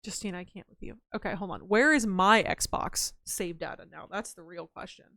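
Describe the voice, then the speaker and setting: A woman's voice: lowish voice, moderate pace, no echo, studio quality. A young woman streamer chatting casually with her chat, telling stories and laughing, with a slightly scratchy throat. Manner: chatty, laughing, reads chat aloud, animated storytelling.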